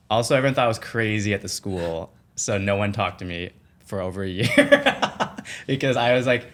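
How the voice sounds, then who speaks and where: A man guesting on a podcast, telling a personal story in a casual, animated way, full of "like" fillers and acted-out quotes. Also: fairly low pitch. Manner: animated, acts out quoted voices, many "like" fillers.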